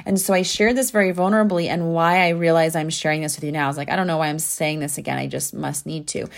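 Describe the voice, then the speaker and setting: A woman's voice: low voice, fairly even intonation, fast talker, vocal fry. A young adult woman hosting her own podcast, talking earnestly and from the heart, with lots of "like" fillers. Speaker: podcast host and spiritual coach. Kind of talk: casual podcast monologue.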